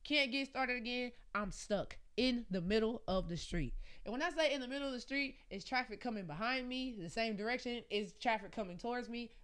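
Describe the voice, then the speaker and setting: A woman podcast co-host telling a story in animated casual chat, often laughing. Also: a little high, brisk, hardly any pauses, clean tone.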